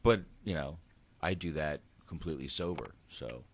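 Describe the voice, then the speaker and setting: A man's voice: a bass voice, normal speed, slight background noise. A man in his thirties in casual chat, a laid-back, rambling and profane storyteller.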